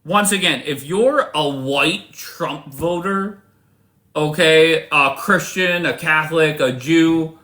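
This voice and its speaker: A man's voice: a little high, takes it slowly, sharp tone. A man hosting a livestream debate, combative and mocking, often interrupting his callers.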